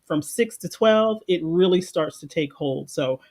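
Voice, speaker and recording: A woman's voice: on the low side, lively intonation, unhurried, a little mellow. A woman life coach on a livestream, talking in an earnest, reflective and emotional way. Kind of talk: livestream meditation talk. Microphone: livestream microphone.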